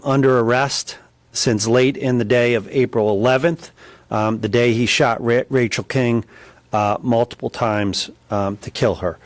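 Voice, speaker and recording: A man giving a press conference statement as a prosecutor, halting with many ums and restarts. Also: on the low side, no echo.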